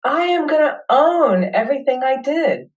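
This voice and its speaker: A woman hosting a webinar, leading listeners through a guided tapping session with slow, soothing affirmations. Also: high voice, sing-song, recorded from a distance, highs cut off.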